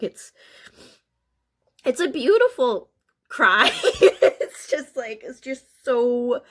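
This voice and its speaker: A woman giving a casual spiritual card reading to her viewers, chatty and emotional, laughing often as she talks. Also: medium pitch. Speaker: tarot card reader.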